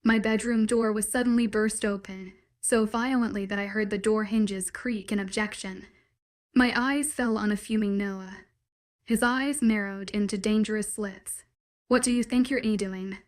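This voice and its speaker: A woman's voice: mid-range voice, steady tone, moderate pace. Woman narrating a first-person audiobook.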